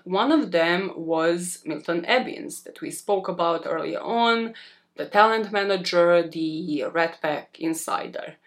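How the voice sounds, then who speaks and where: A woman hosting a true crime podcast, telling the story in a chatty, expressive way with blunt asides. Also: lowish voice.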